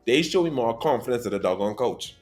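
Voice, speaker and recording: A man hosting a casual anime podcast, telling stories in an animated way that swings between loud and quiet. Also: medium pitch, fairly quick, soft background music. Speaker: podcast host.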